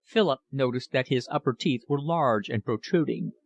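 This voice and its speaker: A man narrating an audiobook of a classic novel in a measured, even reading. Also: medium pitch, creaky, no echo, lo-fi sound. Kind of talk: scripted narration.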